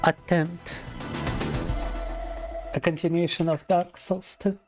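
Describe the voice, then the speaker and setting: A man with a fairly high voice chats slowly and flatly on a casual livestream, ill and tired, making weary, sardonic remarks and crude jokes. Music plays in the background.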